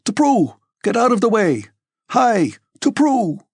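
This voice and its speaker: A male narrator shouts as a wild sleigh driver, his voice high and loud as he urges the horses on. The recording is dry and slightly husky. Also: sing-song, unhurried, no echo, exaggerated voice. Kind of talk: audiobook character voice.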